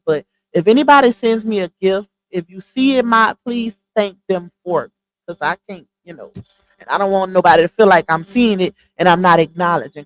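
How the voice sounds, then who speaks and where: A woman's voice: on the low side, rough recording. A woman hosting a casual gossip commentary livestream from home, chatting straight to her viewers and calling them "y'all" and "child". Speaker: livestream host. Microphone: earphones with mic.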